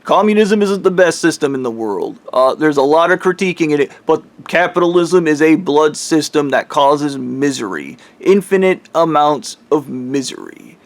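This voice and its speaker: Rich. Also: male voice, on the high side, expressive, moderate pace, few pauses, no echo. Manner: profane, heated, rambling. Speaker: vlogger. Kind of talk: ranting monologue.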